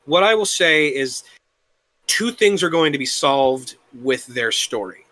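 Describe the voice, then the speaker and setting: A young man talking casually as an interview guest, rambling and halting, with the occasional curse. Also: a little high, lively intonation, pushed and bright, no room sound. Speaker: guest, worldbuilding creator.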